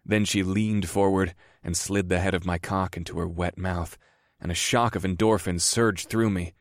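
A man narrating a first-person audiobook in a slow, measured reading. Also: low voice, steady tone, no echo, studio quality.

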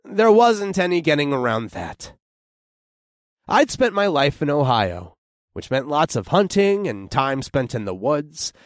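A young man narrating a first-person horror story in an expressive, tense storytelling manner. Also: on the high side, a little slow, no echo, studio quality.

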